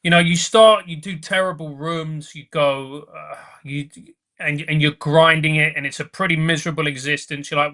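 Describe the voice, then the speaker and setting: Male comic guest, bright and slightly high, earnest, emphatic repetition. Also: fairly even intonation, moderate pace. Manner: earnest, repeats phrases for emphasis. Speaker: podcast guest, comedian. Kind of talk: casual chat.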